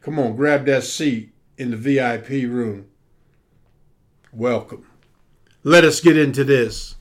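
A man pastor preaching a podcast sermon, building emphasis through repetition and dropping to a soft, low voice for prayer. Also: slow pace.

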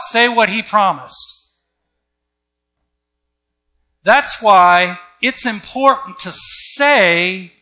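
A man's voice: high-pitched, sharp tone. A man preaching a sermon with an emphatic, repetitive cadence.

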